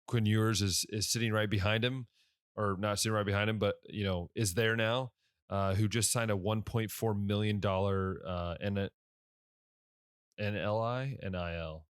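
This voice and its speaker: Young male podcast host, late-night and sleepy, chatty with lots of fillers, lowish voice, dry recording. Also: steady tone, moderate pace, clean tone, no room sound. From Ohio. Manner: rambling, self-correcting, many fillers. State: tired, yawning. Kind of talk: casual solo podcast talk.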